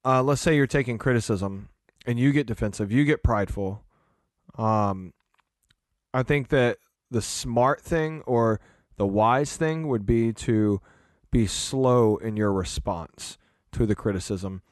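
A man's voice: mid-range voice, measured pace, dry recording, studio quality. A man hosting a podcast, talking earnestly in a casual, rambling way with fillers and restarts. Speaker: podcast host, church leader.

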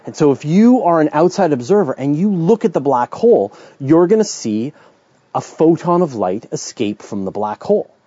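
A man's voice: a little high, very animated, normal speed, mellow, dry recording, lo-fi sound. Chatty Canadian man explaining science. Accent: Canadian English. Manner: chatty, thinks aloud with restarts and asides. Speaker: podcast host answering listener questions. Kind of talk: casual explanatory talk.

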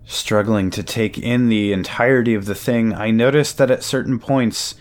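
A man narrating a first-person audio drama in a measured storytelling way. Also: on the low side. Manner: measured storytelling, nervous stammer in own lines.

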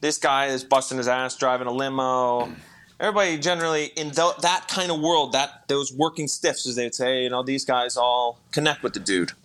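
A man with a bright, forceful voice talks eagerly on a podcast. He rushes through his points in quick bursts and laughs easily along the way. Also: mid-range voice, steady tone, clean tone. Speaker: podcast co-host. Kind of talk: casual chat.

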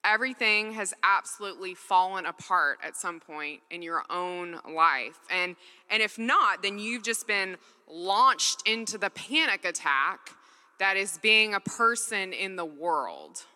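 A woman's voice: mid-range voice, unhurried, bright, forceful tone, big-room sound. A woman from Mississippi preaching a sermon, earnest and conversational as she tells a personal story and acts out the voices in it.

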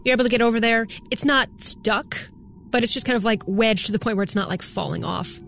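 A woman's voice: a little high, a little fast, gravelly, fairly bright tone, slight background noise. A woman narrating a tabletop game as game master, in a casual way full of fillers. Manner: casual, with many "like" and "kind of" fillers.

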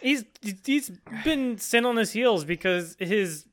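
A man co-hosting a casual anime podcast, explaining his points in a measured way. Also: sits high, expressive, a bit bright. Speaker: podcast co-host.

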